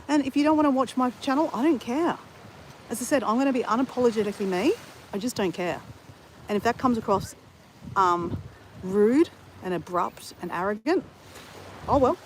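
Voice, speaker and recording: A woman's voice: a little high, animated, normal speed, pauses often, slight background noise, low-quality recording. A woman talking to camera in a casual vlog, blunt and candid, swearing freely. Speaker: travel vlogger.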